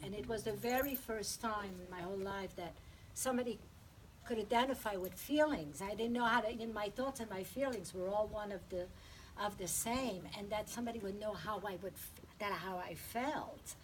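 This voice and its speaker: A woman's voice: medium pitch, moderate pace, slight background noise, low-quality recording. A woman giving a heartfelt eulogy at a memorial, telling personal stories and laughing through the funny parts. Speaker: eulogy speaker.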